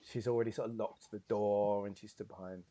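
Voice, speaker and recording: A man's voice: lowish voice, fairly even intonation, brisk, dark tone. A man narrating a tabletop game as game master, casual and full of filler words.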